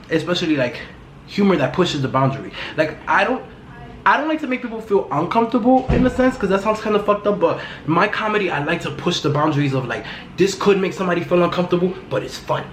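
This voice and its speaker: A woman hosting her own podcast in a casual, loud, profane and gossipy way. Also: lowish voice, animated, quick pace. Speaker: podcast host. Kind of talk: casual solo podcast chat. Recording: echoey room with faint background noise.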